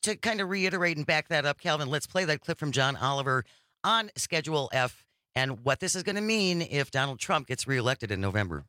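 A man's voice: on the high side, fairly quick, no room sound, studio quality. A man hosting a political talk show, running the segment and reading viewer comments. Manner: animated, directs producer and reads comments. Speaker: show host.

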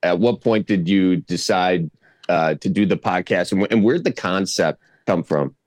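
Deep, dry-sounding male interviewer, easygoing questions. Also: moderate pace, a little mellow, dry recording. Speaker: podcast interviewer. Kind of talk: casual interview.

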